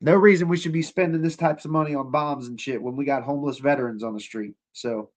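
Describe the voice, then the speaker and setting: A man's voice: medium pitch, fairly even intonation, fast talker. A young man hosting a casual livestream, sarcastic and profane, talking straight to his chat. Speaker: livestream host.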